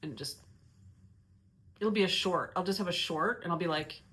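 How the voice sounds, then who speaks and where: Woman host, low-ish voice, casual self-mocking chatter with frequent restarts. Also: moderate pace, a bit bright, slight background noise. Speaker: knitting podcast host. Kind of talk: casual chat.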